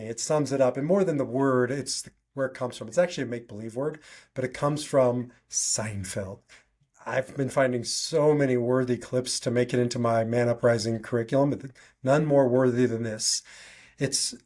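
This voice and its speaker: Male podcast host, solo monologue, earnest conversational delivery, average pitch. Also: a little mellow. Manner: earnest, conversational, with frequent restarts.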